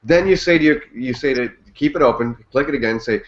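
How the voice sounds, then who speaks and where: A man's voice: mid-range voice, a little fast. A man hosting a casual online group chat, loose and laughing, swearing freely. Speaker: host of an online chat show. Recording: muffled online call audio.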